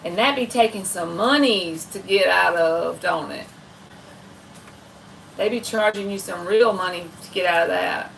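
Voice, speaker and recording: A woman's voice: fairly low pitch, measured pace, vocal fry, a bit bright. Southern woman, folksy livestream host, slightly distant mic, light background noise. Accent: Southern American. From American South. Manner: chatty, folksy, talks to viewers in chat. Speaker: livestream tarot reader host. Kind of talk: casual late-night livestream chat.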